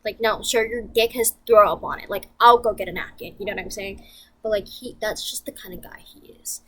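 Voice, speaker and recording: A woman's voice: medium pitch, fairly even intonation, fairly quick, sharp tone. A young woman venting to camera in a casual vlog, blunt and profane, rambling with lots of fillers. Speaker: vlogger.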